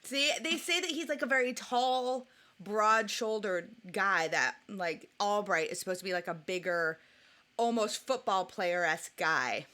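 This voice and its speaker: Animated, bright-voiced woman podcast co-host. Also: medium pitch. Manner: animated, joking, fast and rambling. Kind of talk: casual chat. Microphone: podcast microphone.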